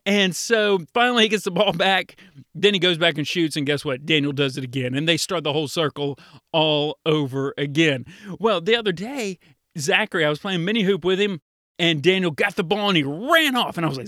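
Bright-voiced pastor man talking to kids. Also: on the high side, a little fast, no echo, studio quality. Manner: lively, storytelling, acts out quoted kids. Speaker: children's pastor. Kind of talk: kids' devotional talk.

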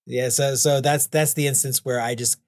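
A man of middle pitch who talks in a loose, rambling way, laughing lightly between thoughts. His voice sounds dry and close, with no room around it. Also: fairly even intonation, moderate pace, dry recording. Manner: rambling, chuckles often, many "you know"s. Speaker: guest, clown and anti-bullying author. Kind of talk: casual interview chat.

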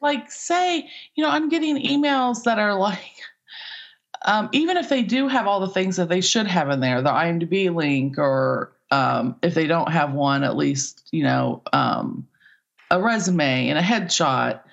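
Gravelly-voiced woman agent, chatty and rambling. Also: on the low side, animated, a little slow, lo-fi sound. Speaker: talent agent. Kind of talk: casual podcast interview.

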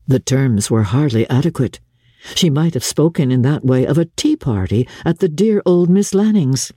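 A woman gives a theatrical dramatic reading of a classic novel, her pitch moving freely through each sentence. Her tone is mellow and a little husky, and the close studio sound is dry, with no room in it. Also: normal speed, no room sound. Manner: expressive and theatrical. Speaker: narrator.

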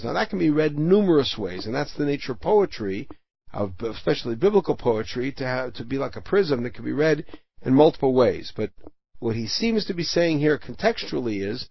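A man's voice: fairly high pitch, animated, moderate pace, no room sound, muffled recording. A man teaching the weekly Torah portion, reading Hebrew verses aloud and then explaining them in plain speech.

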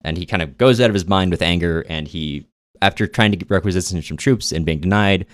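A man's voice: deep voice, fairly quick, no room sound. A man co-hosting a podcast, casually retelling a novel's plot with wry, dry asides. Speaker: podcast co-host. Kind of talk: casual book recap.

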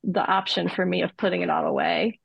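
A woman's voice: on the low side, brisk, gravelly, slightly rough, no room sound. A woman in her forties, a midlife coach, speaking as a guest in earnest, reflective conversation with frequent filler words, on a slightly muffled recording. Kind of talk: conversational interview.

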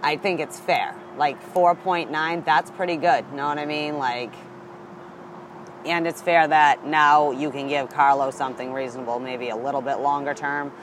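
A man's voice: on the high side, fairly even intonation, moderate pace, fairly bright tone, slight background noise, low-quality recording. A man co-hosting a casual sports talk show, chatty and upbeat with lots of "like" in his talk. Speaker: co-host of a hockey talk show. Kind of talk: casual chat.

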